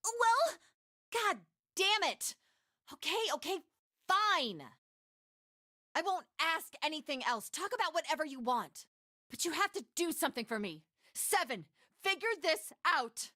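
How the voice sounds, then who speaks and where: A man putting on a shrill, brash young woman. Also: sing-song, measured pace, pushed and bright, no room sound, clean studio sound, heavily acted. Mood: exasperated.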